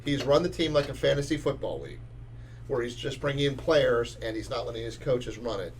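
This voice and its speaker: A man's voice: medium pitch, expressive, brisk, slight background noise. A man co-hosting a casual sports talk podcast, emphatic and often restarting his sentences. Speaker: podcast co-host.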